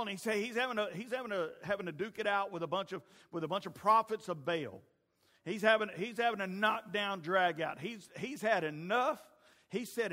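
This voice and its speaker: A man preaching a sermon, folksy and animated, swinging between loud proclaiming and quiet asides. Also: high voice. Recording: long reverb of a hall.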